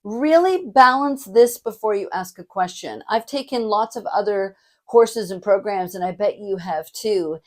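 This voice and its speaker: A middle-aged woman coaching public speaking in a lesson to camera, with a demonstrative delivery that moves between lively hype and a softer, lower tone. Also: unhurried. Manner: demonstrative, shifts between energetic hype and soft warm tones.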